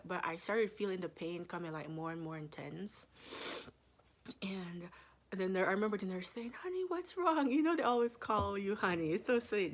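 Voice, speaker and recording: A woman's voice: on the low side, fairly bright tone. A young woman in her twenties, a medical student, telling a story in a casual vlog with lots of fillers and laughter. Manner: chatty, laughs often, drawn-out fillers.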